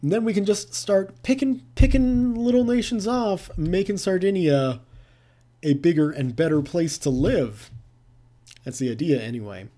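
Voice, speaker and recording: A man's voice: high-pitched, unhurried, warm tone. A man giving casual let's-play commentary, thinking aloud with playful asides. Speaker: gameplay commentator.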